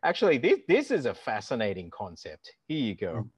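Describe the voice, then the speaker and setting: A middle-aged man explaining language points in an animated, instructive way, speaking aloud examples as he goes. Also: mid-range voice, a little fast, slightly rough, no echo. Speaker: language teacher and guest. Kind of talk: explanatory conversation. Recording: dull lo-fi call audio.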